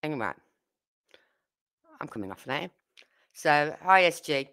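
This true crime host, a Birmingham woman with a Brummie accent, speaks bluntly and indignantly to her viewers in a relaxed livestream chat. Her low-pitched voice swings widely in pitch, unhurried and a little bright.

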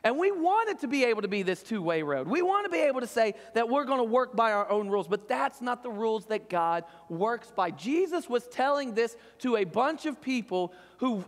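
A man's voice: very high-pitched, big pitch swings, fairly quick, few pauses, in a large hall. A man preaching a sermon as pastor, earnest and often checking in with "right?". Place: church sanctuary.

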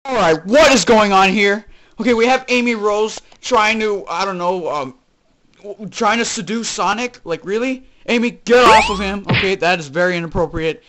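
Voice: medium pitch, normal speed, a bit bright. A YouTuber from Texas hosting a jokey, rambling comedic toy review with plush skits. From Texas, United States.

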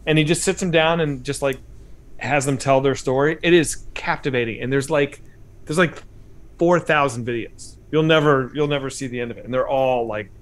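A man's voice: mid-range voice, normal speed. Male comedy stream host, casual, rambling, filler-heavy, medium voice. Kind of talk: casual livestream chat.

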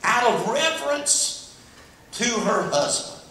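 A male pastor preaching a sermon in a folksy manner, repeating himself and building to shouts. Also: very high voice, big pitch swings, slow. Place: large echoey church sanctuary. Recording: echoey church from a distance.

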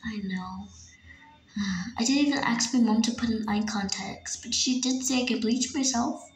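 A woman voicing a hurt, bullied young female pet who speaks softly with sighs in a toy pet fan drama. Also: fairly high pitch, normal speed, roomy sound, voice pushed down, natural voice, rough recording. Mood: sad. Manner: quiet, subdued, sighing.

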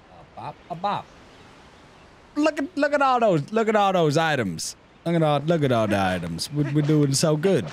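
A man giving let's-play commentary, swinging from high excited yelps to low grumbling mutters and laughing often. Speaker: gaming YouTuber.

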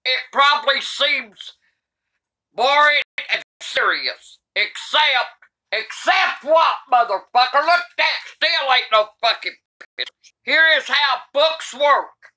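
Cranky old grandma cussing nonstop while she reads, slow drawl, really piercing bright voice. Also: sits high, expressive. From United States. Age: older. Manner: cranky, swears constantly, shouts in outrage. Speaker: comedy YouTuber grandmother. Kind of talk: comedic reading aloud.

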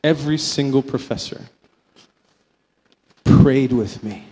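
A man's voice: medium pitch, dark tone, slight background noise. Man telling a faith testimony in a hall. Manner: storytelling, swings between slow emphatic and quick phrases. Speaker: company vice president giving a testimony.

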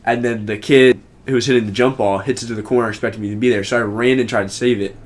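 A man's voice: mid-range voice, steady tone, fast. A young man co-hosting a podcast, telling a long story in casual chat and filling it with "like". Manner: rambling, heavy use of "like" fillers. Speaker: podcast co-host.

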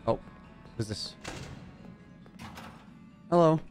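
A man narrating a horror game let's-play, joking, swearing and yelling when startled. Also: fairly high pitch, expressive, takes it slowly, soft background music. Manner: jokey, swears, mutters, yells when startled. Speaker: gaming YouTuber.

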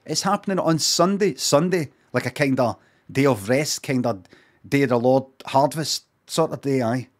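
A man's voice: mid-range voice, moderate pace. A man, chatting casually and swearing while streaming reaction commentary. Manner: chatty, swearing, rambling asides.

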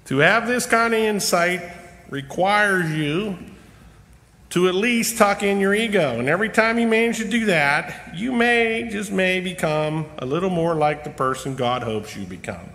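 High, bright-voiced man preaching in a church. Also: lively intonation. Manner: humorous, self-deprecating, with slow emphatic pauses. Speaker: lay preacher. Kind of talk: personal storytelling sermon. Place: church sanctuary. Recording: long reverb of a church hall.

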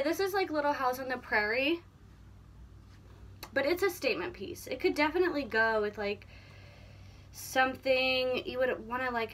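A young woman chatting casually to camera as a vlogger, playful and animated while showing off clothes in a houseboat. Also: a little high. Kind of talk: casual vlog chat. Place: houseboat interior.

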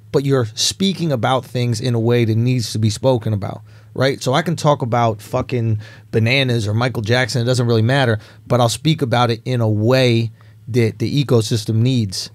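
A man's voice: medium pitch, moderate pace, dry recording. A man hosting a casual podcast chat, animatedly breaking down how comedy works. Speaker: podcast host.

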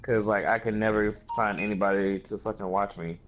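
A young man on voice chat who laughs often and talks in a relaxed, encouraging way. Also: on the low side, brisk, a little hiss or hum. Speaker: guest on voice chat. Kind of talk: casual chat.

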